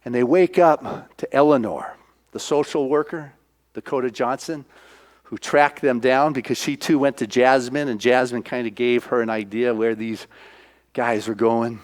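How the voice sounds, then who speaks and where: A male minister giving a sermon, retelling a film scene by scene in an animated, storytelling way. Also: medium pitch, normal speed.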